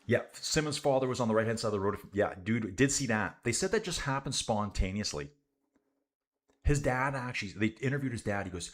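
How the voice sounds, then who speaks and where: A man's voice: mid-range voice, fairly quick. A man giving casual live commentary on a bike race for a stream, reading viewer comments and calling out to his viewers as guys and dude. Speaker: livestream cycling commentator.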